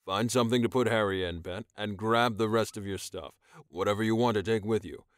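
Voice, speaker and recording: A man narrating an audiobook, voicing a gruff alien shifter leader who gives curt, firm orders. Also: lowish voice, brisk, dry recording, clean studio sound, close to an everyday voice. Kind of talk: audiobook character voice.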